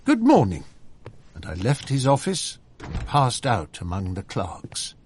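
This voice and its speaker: A man narrating an audiobook in an expressive, measured storytelling manner. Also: fairly low pitch, husky.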